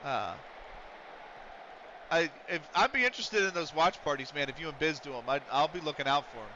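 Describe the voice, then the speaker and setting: A man's voice: a little high, expressive, fairly quick, bright, forceful tone, dull audio, slight background noise. A man chatting casually and at length while streaming a game, rambling with a loose, swearing manner. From United States.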